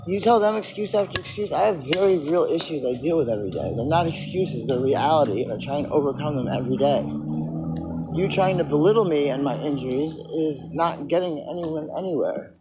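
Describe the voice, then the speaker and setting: A man's voice: fairly high pitch, animated, brisk, heavy background noise. Profane, agitated man livestreaming. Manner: answers viewer comments aloud. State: in tooth pain, drooling. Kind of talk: casual livestream talk.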